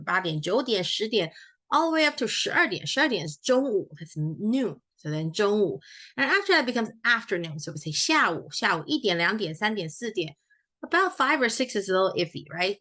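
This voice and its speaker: A woman teaching a Chinese grammar lesson in a recorded walkthrough. Her voice is low-pitched but bright, and her explanations are friendly and patient. She corrects her own slips out loud as she goes.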